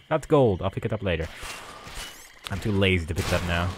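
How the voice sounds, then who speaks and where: A man's voice: low-pitched, lively intonation, a little fast, long pauses, slight background noise. Chatty man narrating his gameplay. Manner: chatty, self-mocking, rambling with fillers. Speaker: gaming video host. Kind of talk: let's play commentary.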